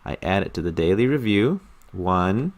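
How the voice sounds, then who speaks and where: Man, somewhat low voice, casual screen-recorded tutorial, earnest and enthusiastic, repeats words for emphasis. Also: expressive, normal speed. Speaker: language learner explaining his study method.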